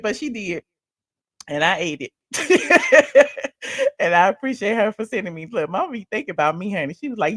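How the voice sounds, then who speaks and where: A woman hosting a casual live stream, chatty and animated, her voice swinging between loud bursts and soft asides. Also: medium pitch, normal speed, dry recording, studio quality.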